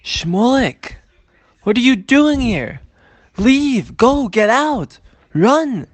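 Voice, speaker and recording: A man voicing a revered old rabbi who shouts urgent commands in a raised voice. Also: very high voice, very animated, very slow, dry recording, pitched above the performer's own voice, full character voice.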